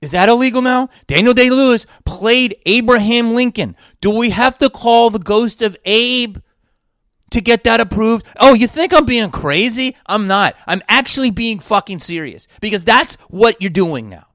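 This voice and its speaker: A man's voice: very high voice, expressive, moderate pace, fairly bright tone, no echo, clean studio sound. A man hosting his own podcast, ranting with sarcastic rhetorical questions in an indignant monologue. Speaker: podcast host and actor.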